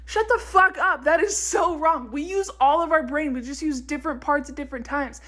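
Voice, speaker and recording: A woman's voice: sits high, brisk. A young woman delivering a blunt, swear-heavy comic list of facts in a mock-authoritative tone. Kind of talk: deadpan fact-listing comedy rant.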